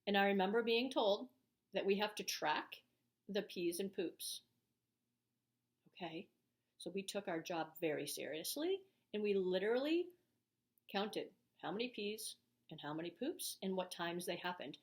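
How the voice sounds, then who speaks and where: A woman's voice: medium pitch, expressive, measured pace, long pauses. A middle-aged woman vlogger talking frankly and emphatically to camera about parenting, with plenty of ums. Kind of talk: opinionated casual talk to camera.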